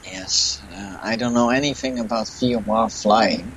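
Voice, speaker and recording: A man's voice: lowish voice, normal speed, noisy background. A young man with a Dutch accent, commenting casually on a flight simulator game and thinking aloud, unsure of himself. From Netherlands. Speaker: flight sim gamer.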